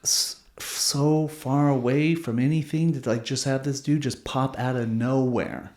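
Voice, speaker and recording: This podcast host's voice is medium-pitched and a little mellow, steady in tone and measured in pace. He shares stories in a relaxed, slangy chat peppered with swearing and frequent "dude"s. The room sounds echoey.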